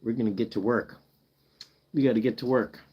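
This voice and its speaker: A man's voice: mid-range voice, brisk, slightly rough, dull audio. A man chatting casually with viewers on a pet rescue livestream, playful and joking, sounding out foreign words for the chat. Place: home.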